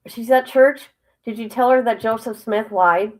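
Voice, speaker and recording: A woman hosting a casual livestream, reading a report aloud haltingly and breaking off with exclamations and asides to her viewers. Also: fairly high pitch, low-quality recording. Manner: drops into whispers at times. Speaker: livestream host.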